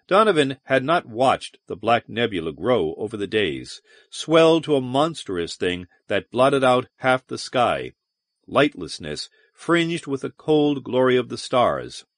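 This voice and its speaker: A man narrating a science fiction audiobook in an expressive, dramatic reading on a close mic. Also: medium pitch, measured pace, no echo.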